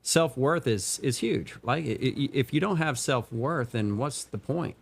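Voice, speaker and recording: A man at an everyday middle pitch speaks earnestly in a relaxed podcast conversation. He builds his points step by step and keeps asking "right?" to draw the others along. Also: measured pace, creaky, husky. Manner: earnest, explains with repeated "right?". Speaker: podcast co-host. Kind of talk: casual reflective chat.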